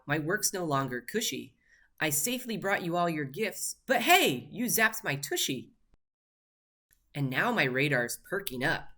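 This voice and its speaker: Brief: sprightly woman reader with a low, bright, crisp voice. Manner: cheeky, sprightly first-person rhyming delivery. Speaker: storybook reader. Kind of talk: reading a rhyming picture book aloud.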